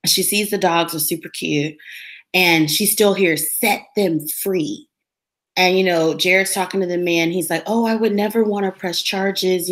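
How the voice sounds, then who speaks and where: A woman co-hosting a casual talk show, retelling a TV episode in an animated way and acting out the characters' lines. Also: on the low side. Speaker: co-host recapping a TV episode. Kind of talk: casual chat.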